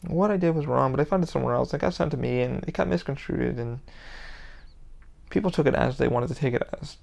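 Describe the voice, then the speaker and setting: A young man holds forth on his own podcast with a gravelly, fry-laced voice. He rambles and curses freely, pushing his points with heat. His pitch sits right in the middle for a man. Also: fast, a little mellow. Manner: heavy swearing, heated and rambling. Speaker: podcast host. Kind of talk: casual monologue.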